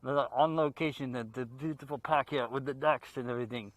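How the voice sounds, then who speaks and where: A man hosting a horror movie show outdoors in a park, talking casually and off the cuff, excitable and quick to laugh. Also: medium pitch, dry recording. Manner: excitable, laughs a lot, jokey asides.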